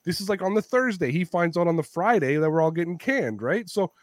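A man with a somewhat high voice tells animated, swear-filled stories on his podcast. He laughs often and talks freely. The sound is close and dry. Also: fairly quick, no room sound. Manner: animated, profane, laughing while telling stories. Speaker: podcast host. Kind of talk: casual storytelling chat.

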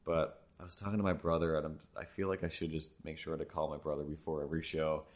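A man with a very low voice co-hosts a chatty podcast. He rambles and jokes in a playful, loose way. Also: flat delivery, fast talker. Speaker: podcast co-host. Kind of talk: casual podcast chat.

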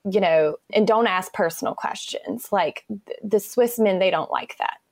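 A woman's voice: medium pitch, normal speed, gravelly, no echo. A woman quoting her old male manager in her own voice, giving blunt, matter-of-fact advice. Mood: warning. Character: cautioning male corporate manager.

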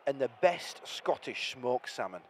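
A man co-hosting a football podcast, talking in an animated, playful and mocking way outdoors at a match. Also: mid-range voice, measured pace, a little hiss or hum. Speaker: podcast co-host. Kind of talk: casual football podcast chat.

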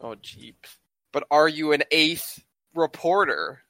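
Bright-voiced guy, wry and teasing, dry close mic. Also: on the high side, expressive, slow, no echo. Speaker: player. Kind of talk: casual chat.

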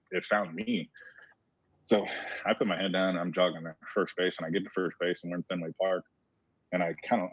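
A former baseball player, a man telling stories in a casual chat, animated and repeating words as he goes. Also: sits low, husky, no room sound. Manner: animated storyteller who repeats words as he talks. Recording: muffled lo-fi audio.

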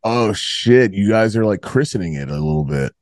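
A man's voice: fairly low pitch, lively intonation, normal speed, a little mellow, no room sound, studio quality. A young man co-hosting a podcast, chatting in a crude, joking way, with many fillers. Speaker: podcast co-host. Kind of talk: casual chat.

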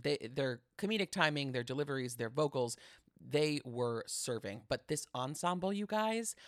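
A man's voice: on the high side, fairly bright tone, no echo, studio quality. Dramatic, gushing male podcast host. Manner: dramatic, gushing, chatty, keeps saying "you guys". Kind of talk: casual podcast monologue.

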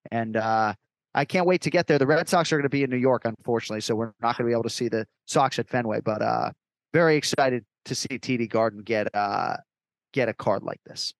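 Man, from Massachusetts, sports commentator, interview guest, emphatic, mid pitch, dry sound. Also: fairly quick, dry recording. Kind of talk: casual interview chat.

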